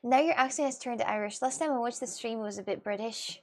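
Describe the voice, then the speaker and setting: A woman's voice: on the high side, quick pace, darkish tone. Chatty young woman streamer. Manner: chatty, rambling with many fillers and repeats. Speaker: streamer reading chat. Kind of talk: casual live-stream chat.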